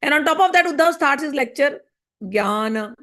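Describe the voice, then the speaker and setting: A woman's voice: sits high, lively intonation, normal speed, fairly bright tone. A woman, teaching a devotional class in a storytelling way and often checking in with her listeners. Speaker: spiritual teacher.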